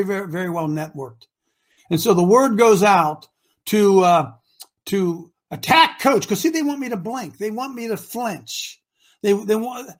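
A preachy male talk show host from Ohio with a husky voice. He talks emphatically, breaking out into shouts and then dropping low. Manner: emphatic and preachy, swinging between shouting and mutters.

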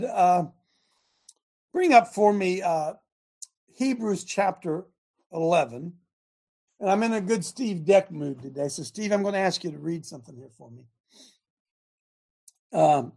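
Husky mellow-voiced guy preaching hard on his talk show, fired up, punchy loud bits. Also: sits high. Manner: provocative and animated, bursts of loud emphasis. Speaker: host of a Christian talk show. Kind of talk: fiery preaching-style talk show monologue.

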